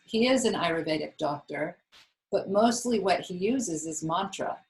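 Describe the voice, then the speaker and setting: A woman's voice: lowish voice, poor audio. A woman yoga teacher talking her class through a practice in a chatty, rambling way with lots of fillers. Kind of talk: casual yoga class talk.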